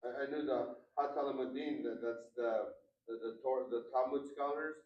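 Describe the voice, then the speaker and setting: A man's voice: medium pitch, fairly even intonation, lo-fi sound, slight background noise. Hesitant man reading, distant and roomy. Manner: hesitant, halting, many fillers and restarts. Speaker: student. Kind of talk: reading aloud in class.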